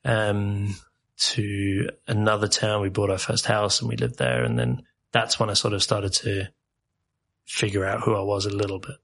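A man's voice: lowish voice, normal speed, fairly bright tone. A man from South Africa, a podcast guest telling rambling, joking stories in a casual interview and laughing often.

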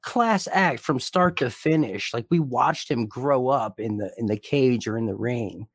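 A man's voice: mid-range voice, unhurried, dry recording, studio quality. A young man co-hosting a podcast, talking earnestly and emotionally, swearing casually. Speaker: podcast co-host.

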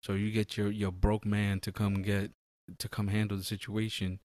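A man's voice: lowish voice, moderate pace. A man in a casual, profane podcast chat who acts out little scenes as he talks. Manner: animated, profane, acts out bits.

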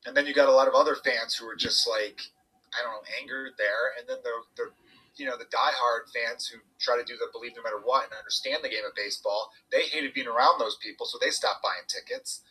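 Fast, bright-voiced chatty man. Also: mid-range voice, slightly rough, rough recording. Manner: animated storytelling, swearing, quoting others. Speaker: podcast guest, comedian. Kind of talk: casual chat.

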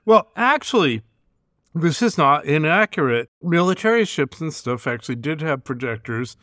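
A man's voice: on the high side, very animated, normal speed, a bit bright, no echo, studio quality. Chatty man who laughs often. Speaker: podcast co-host. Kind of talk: casual chat.

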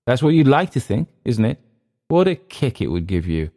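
A man's voice: mid-range voice, big pitch swings, normal speed, mellow, voice pushed up. A man reading aloud, voicing a drunk young Englishman who mocks his companion with jeering taunts. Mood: mocking.

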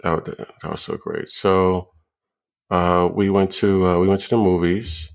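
A young man co-hosting a podcast, talking casually in a halting, stop-start way full of fillers and repeated words, high on weed. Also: little pitch movement. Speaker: podcast co-host. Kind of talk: casual chat.

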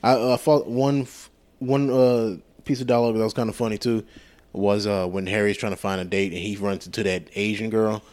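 A man with a lowish voice co-hosts a podcast in relaxed, rambling conversation. He talks loosely and profanely, stumbling through fillers and restarts as he works his way to a point. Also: fairly quick. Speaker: podcast co-host. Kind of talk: casual chat.

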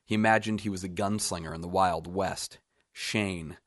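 A man with a very deep voice reads his own short story in a measured, even manner. The sound is close and dry, with no room around it. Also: dry recording.

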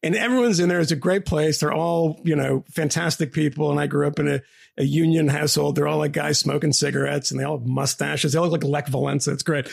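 Podcast co-host, male, rasp and fry in the voice, lively chatty delivery with laughs. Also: fairly high pitch, fast talker. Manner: animated storyteller, laughs often, many restarts. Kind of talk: casual podcast discussion.

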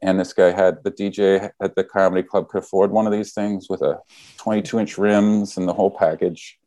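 A man who is a stand-up comedian, telling a story in casual chat in an animated way and swearing freely. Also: sits low, brisk, dry recording.

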